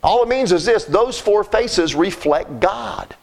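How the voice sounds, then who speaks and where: A man's voice: high-pitched, animated, measured pace, creaky. A man preaching a sermon in a folksy, emphatic way, often repeating words as he goes.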